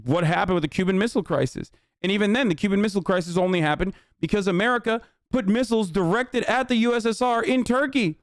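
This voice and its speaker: A man's voice: high voice, fast talker, hardly any pauses, no echo, clean studio sound. A man hosting a livestream and giving heated political commentary in a combative, profane rant. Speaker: livestream host.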